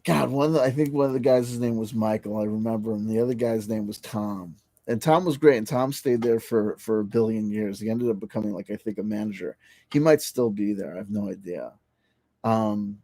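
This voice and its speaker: A man's voice: medium pitch, moderate pace, a little mellow, dry recording. A man casually telling a rambling, profane story on a livestream, full of restarts and fillers and laughing as he goes. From New Jersey. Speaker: livestream host.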